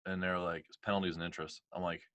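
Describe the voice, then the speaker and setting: Middle-aged male podcast guest, low voice, bright forceful tone, dry close sound, chatty storyteller. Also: fast talker, no echo. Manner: animated, heavy on "like" and quoted dialogue. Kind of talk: casual storytelling interview.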